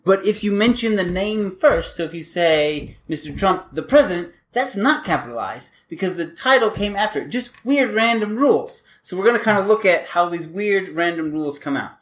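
Chatty man with a higher voice, explaining. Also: animated, moderate pace, hardly any pauses. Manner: chatty, rambling, many restarts. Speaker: podcast host. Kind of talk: casual explanatory podcast chat.

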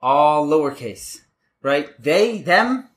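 Chatty man with a higher voice, explaining. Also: big pitch swings, slow pace, a bit bright. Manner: chatty, rambling, many restarts. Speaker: podcast host. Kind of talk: casual explanatory podcast chat.

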